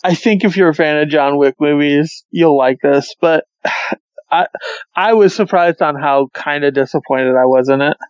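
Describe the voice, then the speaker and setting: Laid-back man with a high voice. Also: moderate pace, smooth, dry recording, lo-fi sound. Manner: laid-back, laughs easily, swears often. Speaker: podcast co-host. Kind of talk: casual movie review chat.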